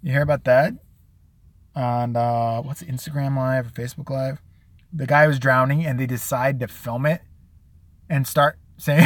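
A man's voice: a little high, moderate pace, no echo. A man hosting his own show, delivering a crude, sarcastic comedic rant and slipping into mocking impressions of other people. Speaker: show host.

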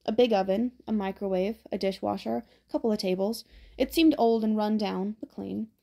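A woman narrating an audiobook in a steady, even storytelling manner. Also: medium pitch, normal speed, creaky.

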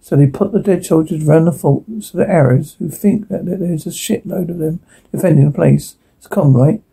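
Cynical police detective, gravelly, husky, dark-toned, blunt and profane, TV drama. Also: male voice, fairly high pitch, moderate pace, full character voice, rough recording. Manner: blunt, profane, reasoning out loud. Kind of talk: TV drama dialogue.

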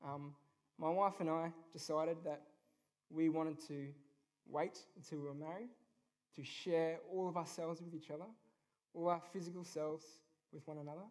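A man's voice: fairly high pitch, fairly even intonation, moderate pace, a little mellow. A young man giving an earnest, informal personal faith talk at a youth event, with frequent ums. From Australia. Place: event venue.

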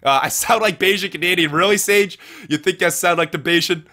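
A man hosting a live game let's-play with a bright, forceful voice sitting a bit high. He talks energetically to his viewers, repeats himself often and keeps calling them dudes and guys. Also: a little fast. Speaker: gaming livestream host. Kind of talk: live let's-play commentary reading chat.

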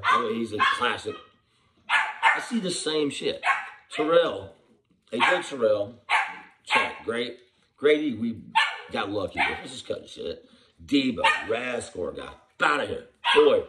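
A man's voice: mid-range voice, noisy background. A man ranting about football, heated and profane, firing off rhetorical questions while hungover. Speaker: football commentator. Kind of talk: profane sports rant.

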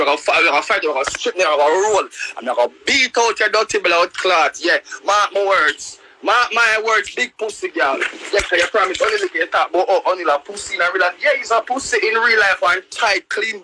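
A young man with a Jamaican accent, live-streaming a profane, loud-mouthed rant in patois. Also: high voice, slight background noise, rough recording. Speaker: livestreamer.

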